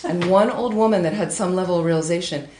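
A woman giving a Buddhist talk, telling a teaching story with lively, high-pitched acted quotes. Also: quick pace, slight background noise. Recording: echoey room with faint ambience.

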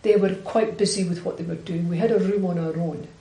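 A Scottish woman who is a Buddhist nun, telling a personal story in conversation with direct, animated delivery that acts out quoted dialogue. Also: on the low side, a little fast, echoey room, poor audio.

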